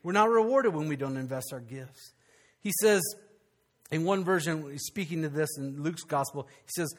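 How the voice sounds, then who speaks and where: A male pastor, preaching a conversational, animated sermon with frequent restarts. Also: a little high, normal speed.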